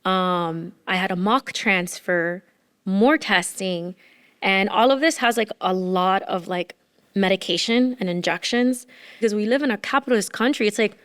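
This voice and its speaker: A woman's voice: medium pitch, normal speed, a bit bright, clean tone. A woman in her thirties speaking as a podcast guest, telling her story candidly and emotionally, full of "like" fillers. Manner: emotional, rambling with many "like" fillers. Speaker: podcast guest, former entrepreneur.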